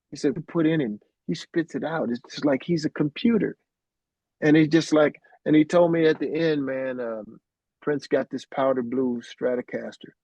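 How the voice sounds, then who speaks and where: A man's voice: a little high, darkish tone, no echo. A middle-aged man from Arkansas, an interview guest, telling rambling anecdotes peppered with "man". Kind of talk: casual storytelling interview. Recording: dry, dull lo-fi sound.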